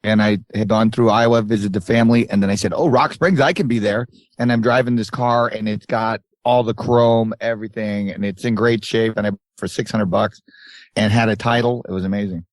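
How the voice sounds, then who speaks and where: A man's voice: on the low side, fairly even intonation, fairly quick, dry recording. A man co-hosting a podcast, telling a long rambling road story in casual chat and acting out the people in it. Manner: rambling anecdotes with acted-out quotes. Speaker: podcast co-host. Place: tour bus.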